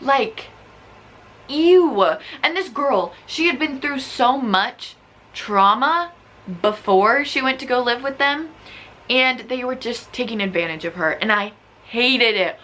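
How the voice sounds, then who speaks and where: Animated young woman ranting about books. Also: fairly high pitch, measured pace. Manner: animated, exasperated, filler-heavy with frequent "like". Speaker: book vlogger. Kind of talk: casual ranting book review.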